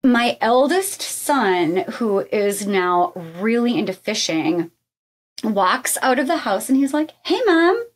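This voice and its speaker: A woman in her forties co-hosting a podcast, chatting playfully and telling stories with quick laughs. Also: medium pitch, animated. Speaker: podcast co-host. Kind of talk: casual chat.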